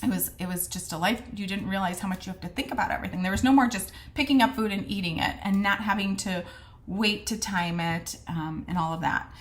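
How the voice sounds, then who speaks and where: A woman's voice: mid-range voice, a little fast. A woman casually telling a personal story to camera, chatty and earnest, acting out the conversations she quotes. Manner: frequent fillers and restarts, earnest. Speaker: vlogger sharing a personal health story.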